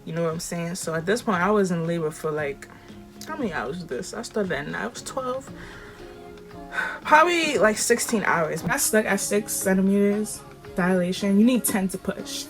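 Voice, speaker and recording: A woman's voice: mid-range voice, animated, normal speed, faint music behind. A young woman vlogger telling a story casually, full of slang and fillers and rising with emotion.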